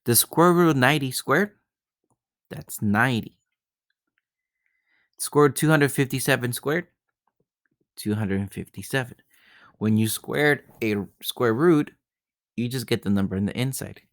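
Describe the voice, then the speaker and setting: A man's voice: medium pitch, measured pace, long pauses, dry recording, studio quality. A male math teacher working through geometry problems step by step, often repeating himself and checking in with "right?". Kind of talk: recorded math lesson.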